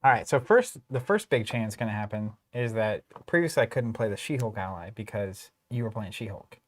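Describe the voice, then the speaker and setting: A man's voice: on the low side, lively intonation, a little fast. A man co-hosting a card game stream, laid-back and matter-of-fact as he explains his plays on a studio broadcast mic. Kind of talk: casual banter and game explanation. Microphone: studio broadcast microphone.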